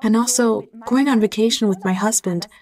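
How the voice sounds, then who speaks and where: A middle-aged woman from Germany answers interview questions in a calm, reflective way. She speaks in short, heartfelt phrases at a mid-range pitch for a woman, unhurried and gentle. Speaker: interview guest.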